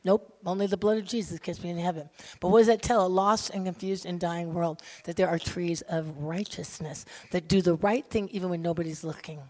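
A woman preaching a sermon, telling stories animatedly and acting out the people in them, swinging between loud excitement and quiet intensity. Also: lowish voice, fairly quick. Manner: acts out quoted people in her stories.

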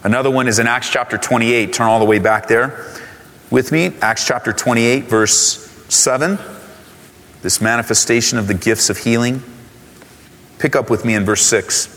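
A man preaching a sermon, reading scripture aloud and rising in pitch on key words. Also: fairly even intonation, moderate pace, fairly bright tone. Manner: reads scripture aloud, rises in pitch for emphasis. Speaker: pastor. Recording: long hall reverb.

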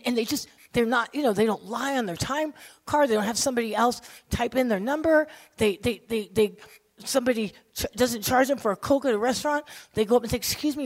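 Woman, preacher, sermon, fairly high pitch, animated storytelling, loud then hushed. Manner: animated storytelling, swinging from loud excitement to quiet intensity; acts out quoted people in her stories.

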